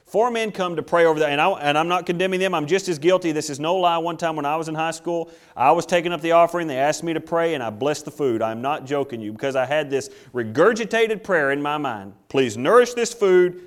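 A man's voice: quick pace, few pauses. A man preaching a sermon, reading scripture and acting out voices. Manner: preaching with acted-out voices and dramatic pitch swings. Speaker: pastor.

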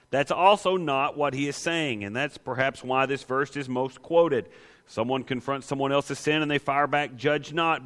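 A pastor preaching a sermon, emphatic and quick to pose rhetorical questions to the congregation. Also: male voice, fairly high pitch, fairly bright tone, big-room sound.

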